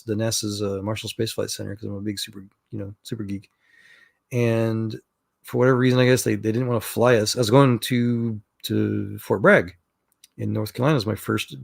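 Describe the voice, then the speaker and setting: A middle-aged Texan in a chat room rambles through stories in a gravelly, mid-range voice. His talk is casual and full of fillers and restarts.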